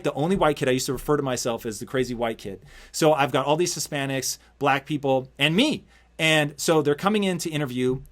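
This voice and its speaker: A man hosting an interview, telling a long story in a casual, energetic way and swearing freely. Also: fairly high pitch. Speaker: podcast host.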